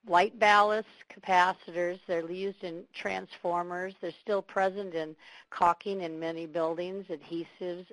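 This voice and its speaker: A woman with a lower-pitched voice, a little hoarse from a cold, presents research in a webinar. She speaks in a measured way, pausing with ums. The recording is dry and close, over a computer mic on a video call. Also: no room sound, low-quality recording. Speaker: webinar speaker, engineering professor.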